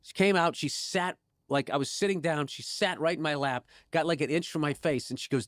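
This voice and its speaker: A man guest in a casual podcast chat, telling stories with lively restarts and laughs, turning soft and low when reflective. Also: fairly quick, no echo, studio quality. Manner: animated storyteller, frequent restarts and laughs.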